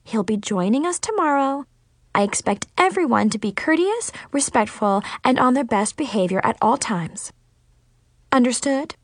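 A stern schoolteacher calls her class to order in a firm, scolding voice that rises and falls sharply, as a woman puts her on. Her voice sits fairly high. It is recorded dry and close. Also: lively intonation, normal speed, no echo, close to an everyday voice.

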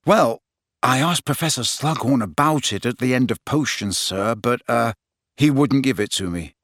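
A man's voice: mid-range voice, moderate pace, fairly bright tone, no room sound, clean studio sound, natural voice. A man voicing an earnest teenage schoolboy who speaks politely and a little awkwardly.

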